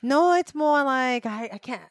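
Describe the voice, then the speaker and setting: Animated woman in lively casual chat. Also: high voice, measured pace, dry recording. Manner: animated storyteller, laughs loudly, non-native grammar. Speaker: podcast co-host.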